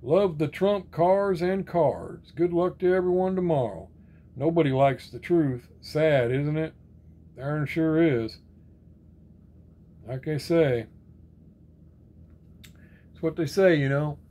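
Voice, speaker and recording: A man's voice: fairly high pitch, slow pace, pauses often, warm tone. A man chatting casually as he reads out viewer comments, rambling and answering each with friendly sign-offs. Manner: laid-back, rambling, reads comment names then answers; repeats friendly sign-offs like "right on, brother". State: sore arm and shoulder. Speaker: diecast collector reading viewer comments. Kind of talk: casual chat.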